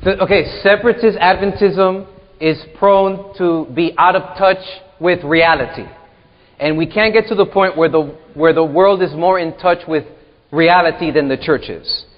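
A fairly high-voiced man co-hosts a church discussion show, driving his points home with punchy, animated emphasis. His voice rings out in a room with a long reverb tail. The recording is dull and lo-fi. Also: moderate pace. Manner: animated, punchy, rhetorical asides. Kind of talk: emphatic teaching talk.

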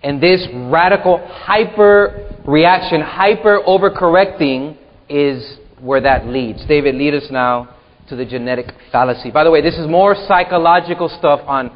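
A fairly high-voiced man co-hosts a church discussion show, driving his points home with punchy, animated emphasis. His voice rings out in a room with a long reverb tail. The recording is dull and lo-fi. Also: moderate pace. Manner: animated, punchy, rhetorical asides. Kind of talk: emphatic teaching talk.

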